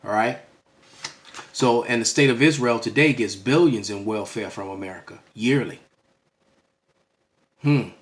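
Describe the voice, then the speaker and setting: A man's voice: lowish voice, moderate pace. A man giving an emphatic preaching-style lecture as a religious teacher, often stopping to ask "all right?" and restarting phrases as he goes. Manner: restarts and stammers mid-phrase.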